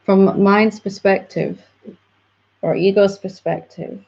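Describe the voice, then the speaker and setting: A woman's voice: medium pitch, fairly even intonation, takes it slowly, gravelly, a little mellow. A woman spiritual teacher patiently explaining to a student in a reflective satsang dialogue. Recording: dull lo-fi audio.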